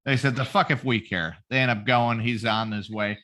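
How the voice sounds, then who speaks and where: A man's voice: mid-range voice, fairly even intonation, normal speed, pushed and bright. A man on a podcast, retelling a story as a profane comedy bit with silly voices for each character. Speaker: podcast host. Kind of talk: casual comedic podcast chat.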